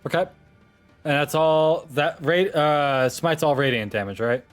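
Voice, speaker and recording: A man acting as dungeon master, running a tabletop game in a casual, quick way. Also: on the high side, soft background music.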